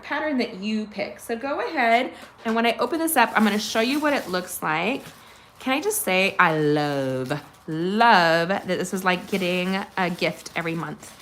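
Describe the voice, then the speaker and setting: A woman's voice: mid-range voice, a bit bright, slight background noise. Bubbly woman hosting a craft stream. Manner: bubbly, gushing, talks straight to viewers. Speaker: craft channel host. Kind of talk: chatty live craft tutorial. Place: home craft room.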